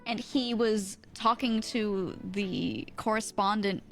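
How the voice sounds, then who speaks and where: A woman's voice: medium pitch, slow pace. Giggly rambling American woman streamer. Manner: rambling, laughs often, many fillers. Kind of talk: casual storytelling chat.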